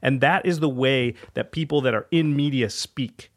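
A man co-hosting a podcast, telling stories in a relaxed, self-deprecating way. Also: medium pitch, moderate pace. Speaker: podcast co-host. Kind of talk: casual podcast chat.

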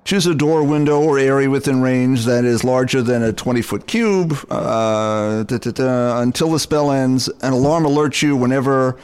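A man's voice: mid-range voice, normal speed, hardly any pauses, darkish tone, clear, resonant tone. A man playing in a tabletop role-play game, easygoing, reading rules aloud. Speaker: player.

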